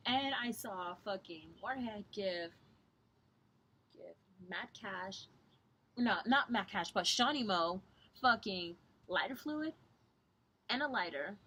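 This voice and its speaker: A woman's voice: lively intonation, takes it slowly, long pauses, bright, forceful tone, husky. A young woman from Southern Ontario giving a rambling, profane review of a wrestling show, keeping her voice down so she doesn't wake the house. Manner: talks low to avoid waking others. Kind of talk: casual vlog review.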